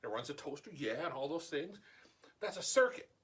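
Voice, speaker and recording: A middle-aged man telling a story from his childhood in a casual, animated way, acting out the voices of the people in it. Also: on the high side, fairly quick, slightly rough. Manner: animated, acts out quoted voices. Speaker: vlogger.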